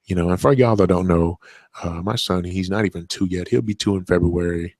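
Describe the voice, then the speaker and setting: Hosting his show alone, a man tells a meandering story about his toddler son, full of fillers and false starts. His low, darkish voice moves briskly, with no echo in the recording.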